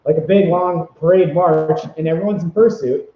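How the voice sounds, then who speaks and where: A man's voice: fairly high pitch, normal speed. Rambling upbeat guy in an echoey room. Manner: rambling, upbeat, many fillers and restarts. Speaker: vlogger giving convention tips. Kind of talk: casual advice vlog. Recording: echoey room, dull lo-fi sound.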